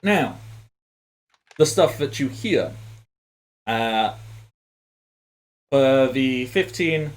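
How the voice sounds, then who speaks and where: A man narrating a tabletop game as game master, in a casual, rambling way with frequent fillers. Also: medium pitch.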